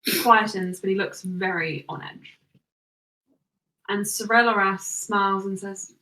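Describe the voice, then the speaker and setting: A woman narrating a tabletop game as game master, with playful, quick narration. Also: mid-range voice, steady tone, bright, forceful tone, far from the mic. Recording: echoey room, voice from off-mic.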